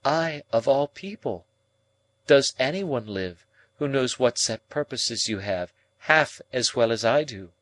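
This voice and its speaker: A man reading an audiobook, voicing a proud, composed young woman who speaks in a calm, measured way. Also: mid-range voice, no room sound, voice pushed up. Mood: cool. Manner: calm, measured, coldly reasoning.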